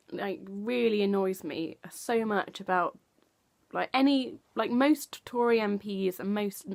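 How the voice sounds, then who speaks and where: A woman's voice: medium pitch, unhurried, gravelly, a little mellow. A young woman ranting in a political opinion vlog, heated and swearing, packing her speech with "like". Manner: heated, swearing, heavy use of "like". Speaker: political vlogger.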